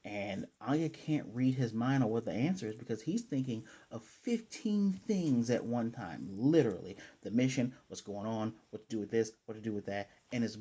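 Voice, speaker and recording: A man's voice: medium pitch, animated, moderate pace, few pauses, dark tone, breathy edge. A man casually recapping an anime episode, chatty and self-correcting, with playful asides. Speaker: anime reviewer.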